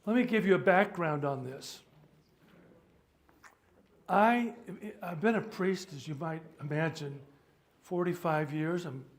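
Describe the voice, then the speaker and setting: Older male clergyman, informal teaching talk, wry asides, voice a touch high. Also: takes it slowly, long pauses. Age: 70s. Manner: chatty, joking, stops to sort out sound. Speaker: priest leading a workshop.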